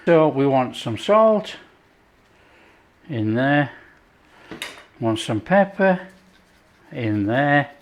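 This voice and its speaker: Guy doing a cooking demo, slow and easygoing, chatty while he works. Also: mid-range voice. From not France. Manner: chatty, relaxed, talks while working. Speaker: cooking show host. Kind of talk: casual cooking demonstration.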